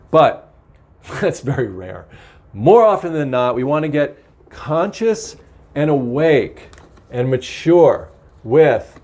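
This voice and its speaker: A man giving a spiritual card reading to his viewers, earnest, gentle and encouraging, slowing down to stress key words. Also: medium pitch. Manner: acts out angry outbursts with a laugh. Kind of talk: solo tarot-style card reading.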